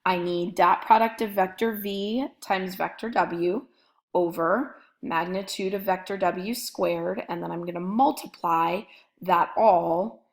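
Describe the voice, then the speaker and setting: A woman's voice: on the low side, fairly even intonation, slow pace, gravelly. A woman math instructor giving a recorded lecture, methodically talking through each step as she writes it out.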